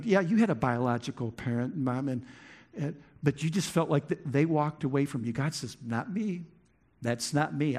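Impassioned preaching man. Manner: swings from loud impassioned peaks to quiet earnest lows, with repeated restarts. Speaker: pastor. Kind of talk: sermon. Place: church.

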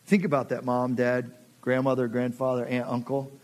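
A man's voice: medium pitch, completely flat delivery, moderate pace. A middle-aged man preaching a sermon, passionate and conversational, acting out quoted voices. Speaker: pastor.

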